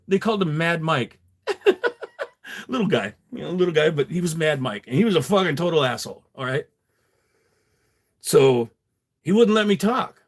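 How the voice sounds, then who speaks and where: A man's voice: on the high side, animated, moderate pace, long pauses. Profane, rambling middle-aged man. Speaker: livestream host. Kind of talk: casual storytelling.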